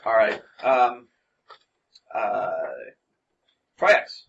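A man narrating as game master of a tabletop game, halting with many ums and restarts. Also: lowish voice, creaky. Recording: dull lo-fi recording with faint hiss.

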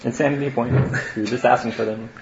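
A man's voice: medium pitch, steady tone, fast talker, lo-fi sound, slight background noise. A man playing in a tabletop game, pushy and full of advice to the others. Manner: pushy, keeps giving advice. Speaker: player. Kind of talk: casual tabletop game chat.

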